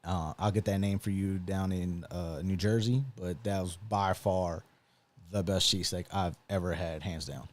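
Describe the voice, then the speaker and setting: A man co-hosting a live podcast, talking in a relaxed, rambling way with many ums and likes. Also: deep voice, normal speed. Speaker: podcast co-host. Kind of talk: casual live podcast chat.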